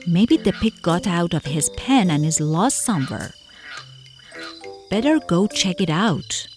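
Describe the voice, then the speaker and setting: A woman's voice: on the low side, measured pace. A young woman voicing a friendly, curious cartoon guide who coaxes a child along, talking straight to the viewer. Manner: animated, coaxing, speaks straight to the viewer. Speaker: cartoon voice actor. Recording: clear music underneath.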